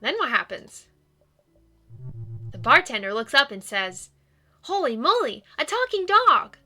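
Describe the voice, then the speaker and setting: Woman doing a high, eager ghost dog. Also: a little slow, soft background music, heavily acted. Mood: chirpy. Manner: bouncy, excitable and earnest. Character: cheerful male ghost dog, eager and sweet. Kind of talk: reading game dialogue aloud.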